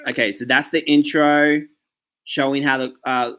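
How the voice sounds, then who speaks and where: Male vlogger, mid-pitched, casual ranting reaction commentary. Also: level tone, moderate pace, pushed and bright. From Australia. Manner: ranting, talks straight to viewers with frequent "okay" and "like".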